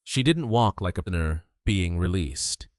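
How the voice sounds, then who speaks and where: A man reading a dramatic story as a narrator, in a measured storytelling manner. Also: low voice, animated, no echo, studio quality.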